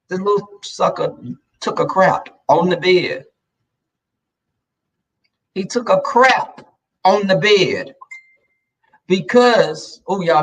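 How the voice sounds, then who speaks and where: Livestream host, male, gravelly and a touch high, chatty, talks to viewers, sits back from the mic. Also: fairly bright tone, recorded from a distance, low-quality recording. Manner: chatty storyteller addressing viewers. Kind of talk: casual livestream chat.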